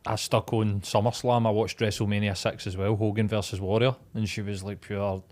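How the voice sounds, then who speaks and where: A man's voice: lowish voice, little pitch movement, fairly quick, a little mellow. Rambling Scottish man chatting. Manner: rambling, sweary, restarts mid-sentence. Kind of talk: casual chat.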